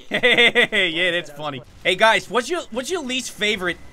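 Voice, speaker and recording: A man's voice: high voice, animated, a little slow, bright, forceful tone, exaggerated voice. A man putting on the voice of Scout, a cocky young shooter-game runner, bragging and rambling in game voice chat. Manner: boastful, rambling, goofy. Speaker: streamer.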